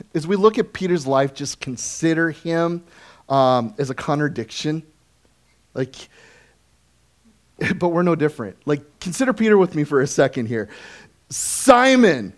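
A pastor preaching a sermon in an animated way, asking the congregation questions and chuckling often. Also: male voice, fairly high pitch.

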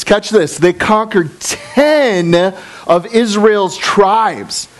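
A male pastor preaching a casual, joking sermon, full of asides and fillers. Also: fairly high pitch. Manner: animated, jokey, with asides and fillers.

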